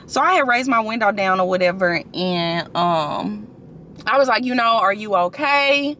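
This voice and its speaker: A young woman vlogger from St. Louis, chatting casually and telling an animated story in her car. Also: medium pitch, moderate pace, slight background noise. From St. Louis, USA.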